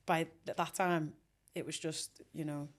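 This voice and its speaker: A woman's voice: low voice, flat delivery, unhurried. A woman in her forties with a Scouse accent, chatting casually as an interview guest, rambling with ums and restarts. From Liverpool, England.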